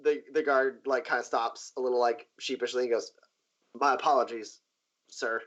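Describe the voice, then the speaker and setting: A man narrating a tabletop game as game master, halting with many fillers. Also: mid-range voice, fairly even intonation. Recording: dull lo-fi sound.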